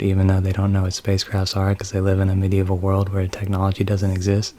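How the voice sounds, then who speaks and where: A man with a deep, dark voice recaps a game's story with dry sarcasm. His delivery barely moves in pitch, staying level and unimpressed throughout. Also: quick pace, few pauses. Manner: deadpan, mocking. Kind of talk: comedic sarcastic story summary.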